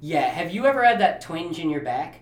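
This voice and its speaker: A man's voice: on the high side, brisk, roomy sound. A man chatting casually about a movie, retelling scenes and laughing often. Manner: animated, acts out quotes, laughs often.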